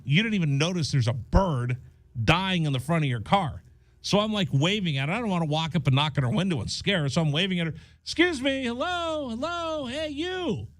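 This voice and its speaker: A man's voice: fairly high pitch, no room sound, studio quality. A man hosting a radio show, chatting casually and acting out the people in his story. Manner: animated, acts out voices in his story. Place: radio studio.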